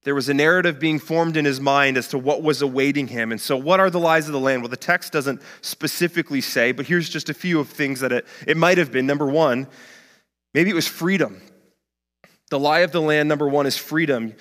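A man's voice: mid-range voice, brisk, fairly bright tone, in a large hall. A male pastor preaching a sermon in a conversational way, often saying "like".

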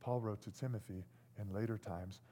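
A man preaching a sermon, animated, swinging between loud bursts and hushed lines and acting out what people say. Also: lowish voice, normal speed, a little hiss or hum. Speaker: pastor.

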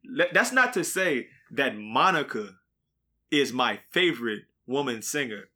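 Young male podcast co-host, bright tone, loose slangy storyteller. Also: mid-range voice, very animated, measured pace. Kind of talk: casual chat.

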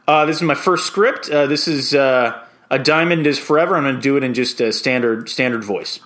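A man hosting a podcast in a casual, rambling monologue, hesitant and full of ums and uhs, with an earnest deadpan tone. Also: mid-range voice, brisk, hardly any pauses. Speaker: podcast host.

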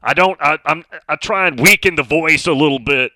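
A man's voice: fairly high pitch, fairly quick, sharp tone, slight background noise. A middle-aged man hosting a sports talk radio show, speaking emphatically and reading out listener messages.

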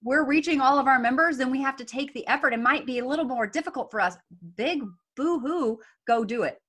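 A woman's voice: sits high, quick pace, fairly bright tone. A woman hosting a casual panel discussion, making her points emphatically. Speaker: podcast host.

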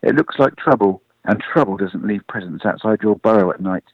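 A man's voice: on the low side, a little fast, breathy edge, dry recording, phone-quality sound. A man voicing a lazy, sarcastic young boy rabbit in a storybook reading, with a drawling, mocking manner. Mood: worried.

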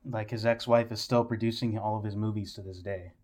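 A man's voice: fairly low pitch, fairly even intonation, brisk, a little mellow. A man chatting as a guest on a film podcast, rambling and hedging with lots of fillers. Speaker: guest filmmaker. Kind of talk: casual podcast chat.

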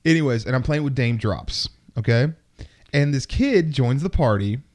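A man's voice: medium pitch, lively intonation, moderate pace, darkish tone. A man who streams games telling stories in a casual chat, rambling, swearing and acting out quoted people.

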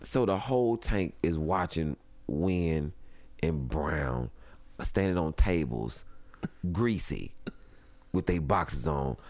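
Storytelling comic guy, gravelly, pitch jumping all over, dry close mic. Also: animated, takes it slowly, a little mellow, no echo. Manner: acts out other people's lines, drops to whispers. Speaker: guest comedian. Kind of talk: animated storytelling. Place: home podcast room. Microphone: studio mic.

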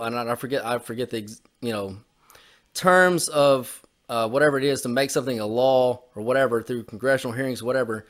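Medium-pitched and a bit bright, his voice runs a little fast as he co-hosts a podcast. He delivers an opinionated, heated political rant thick with repetitive profanity.

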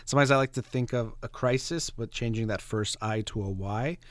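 A man's voice: mid-range voice, brisk, no echo. A man, a therapist hosting a conversation, explaining ideas in an earnest, explanatory way. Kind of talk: casual conversation.

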